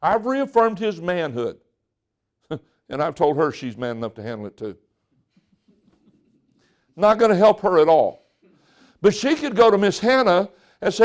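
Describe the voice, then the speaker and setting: A middle-aged male pastor delivers a folksy sermon, with a high-pitched voice. He jokes with the congregation and acts out little exchanges between people. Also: big pitch swings, moderate pace, pauses often, a little mellow.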